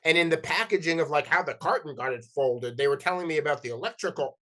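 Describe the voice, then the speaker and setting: A middle-aged man from New Jersey and New York City, a podcast guest telling animated stories in casual interview talk, often acting out dialogue and restarting his sentences. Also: fairly high pitch, quick pace. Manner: animated, acts out quoted dialogue, frequent restarts and "like".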